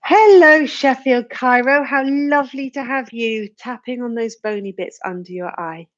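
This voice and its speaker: A woman leading a live tapping session, giving slow, soothing guidance and phrases to repeat, with sighs and yawns along the way. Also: a little high, muffled recording.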